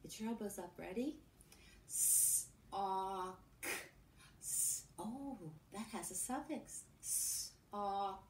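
A woman teacher giving a recorded phonics lesson to young children, modelling sounds and sentences slowly. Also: a little high, expressive, a little mellow, distant mic. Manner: slow, sing-song, drawn-out modelling of sounds and sentences. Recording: echoey room with faint background hum.

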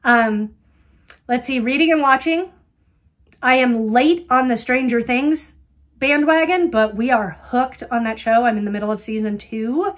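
A woman's voice: on the high side, measured pace. A middle-aged woman hosting a knitting podcast, chatting casually and rambling with lots of ums and wry asides. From Colorado, USA. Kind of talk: casual chat.

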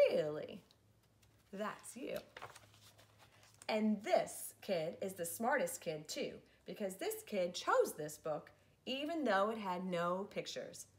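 A woman, a preschool teacher, reading a picture book aloud to children in a playful, theatrical way. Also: medium pitch. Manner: playful, theatrical, switches into silly voices.

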